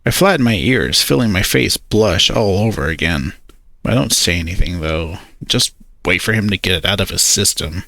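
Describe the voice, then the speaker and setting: A man's voice: sits low, lively intonation, normal speed, gravelly, sharp tone, no echo. A man narrating a first-person story, hesitant and awkward in his character's lines.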